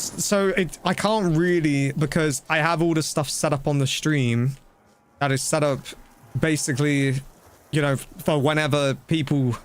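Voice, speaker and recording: A man's voice: fairly high pitch, slight background noise. Chatty male gaming streamer. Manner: chatty, rambling, quick exclamations. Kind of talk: casual live-stream commentary.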